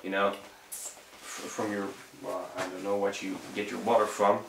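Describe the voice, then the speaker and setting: A young Dutchman, a native speaker from the Netherlands, gives a rambling, profane, laid-back vocal tutorial in English with a Dutch accent. His voice sits on the low side with a level tone, moderate pace, vocal fry and a fairly bright quality. The casual how-to talk was recorded at a distance in an echoey room, with a little hiss or hum.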